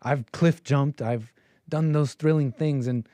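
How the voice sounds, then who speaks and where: A man hosting a call-in show, mocking and rambling as he riffs on the news. His voice sits a little high but sounds mellow. The recording is dry and close to the mic. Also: steady tone, slow, no room sound. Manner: mocking, rambling, quotes people in silly voices. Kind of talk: casual on-air commentary.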